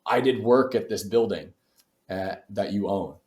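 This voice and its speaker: A man's voice: on the low side, unhurried, a little mellow, lightly acted. A man quoting a blunt menacing biker. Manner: blunt, threatening. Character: menacing male biker demanding payment.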